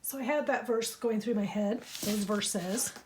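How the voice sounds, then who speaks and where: Earnest woman vlogger, higher voice. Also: slight background noise. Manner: earnest, slow and heartfelt. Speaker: craft journal vlogger. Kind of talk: casual vlog talk with scripture reading.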